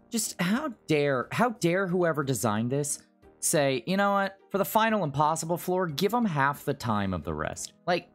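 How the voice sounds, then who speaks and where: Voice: medium pitch, breathy edge. A gaming video host giving frustrated running commentary at home, swearing and talking to themselves while struggling through a hard level.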